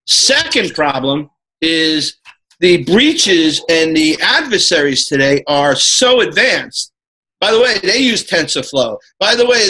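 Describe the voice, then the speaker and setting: Man from New York, podcast guest, slightly high, very bright tone, rambling and full of fillers. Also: low-quality recording. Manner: rambling, filler-heavy, laughing asides. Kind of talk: casual podcast chat.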